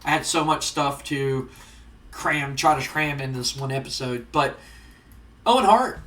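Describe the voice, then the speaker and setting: A man's voice: mid-range voice, flat delivery, pushed and bright, far from the mic. A man casually recapping results and storylines while playing a wrestling management game. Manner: casual recapping, quick, chatty. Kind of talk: casual let's-play commentary. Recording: roomy, off-mic.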